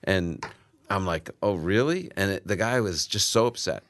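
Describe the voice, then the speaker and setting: A man's voice: low voice, moderate pace, fairly bright tone, dry recording. A man who hosts a radio Bible-answer show, chatting casually on air and telling a story about a caller. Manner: storytelling, acting out callers with short quotes.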